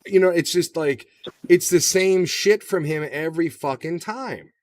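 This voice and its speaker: A man's voice: a little high, unhurried, dry recording, far from the mic. Male podcast co-host, casual and profane, dry sound, sits slightly back from the mic. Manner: profane, animated, does shouted impressions. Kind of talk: casual movie discussion.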